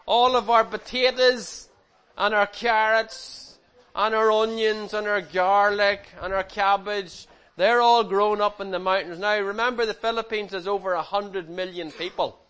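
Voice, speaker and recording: Middle-aged man, higher-pitched voice, relaxed chatty slideshow presenter who teases the kids. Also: measured pace. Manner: chatty, teasing, animated with the audience. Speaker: speaker presenting slides to a group. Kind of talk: informal slideshow talk to a young audience.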